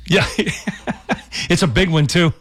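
A male radio DJ chatting on air from the studio in a loose, rambling way. His voice sits a bit high for a man, and he jokes and laughs as he goes. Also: takes it slowly. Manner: rambling, jokey, with restarts and laughs. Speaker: radio DJ host. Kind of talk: casual radio chat.

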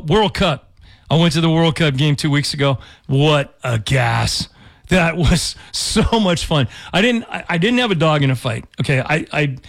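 A man's voice: fairly high pitch, creaky. A man hosting a community radio show in a studio, talking casually in a rambling, jokey way with restarts and laughs. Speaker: radio DJ host.

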